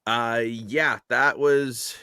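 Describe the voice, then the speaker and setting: A man's voice: medium pitch, fairly even intonation, extremely slow, bright, forceful tone, clear, resonant tone, no echo, studio quality. A man hosting a casual post-game sports panel, blunt and opinionated with a joking streak. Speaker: host.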